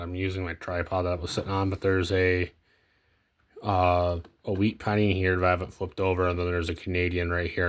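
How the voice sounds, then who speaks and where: Deep voiced young guy rambling about his coin finds, lots of ums, trails off quiet. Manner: rambling, hesitant, many ums and self-corrections; low-key, trails off quietly at phrase ends. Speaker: coin collecting vlogger. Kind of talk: casual unscripted commentary while sorting coins.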